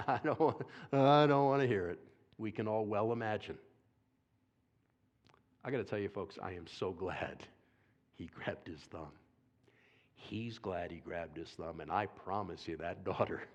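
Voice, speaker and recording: Animated man preaching to a church audience. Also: lowish voice. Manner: animated, calls for audience response, acts out quotes. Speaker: speaker at a church seminar. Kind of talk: lively sermon storytelling with audience questions. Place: church sanctuary.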